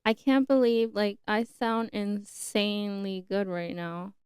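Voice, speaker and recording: A young woman hosting her own podcast on a new mic setup, chatting casually and excitably. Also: medium pitch, takes it slowly, very noisy. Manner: chatty, excitable, says like a lot. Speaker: podcast host. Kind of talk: casual solo podcast chat.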